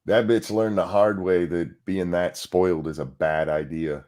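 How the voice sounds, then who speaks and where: A man's voice: deep voice, fairly even intonation, unhurried, darkish tone. A man co-hosting a casual podcast, ranting in a crude, mocking, profane way. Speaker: podcast co-host.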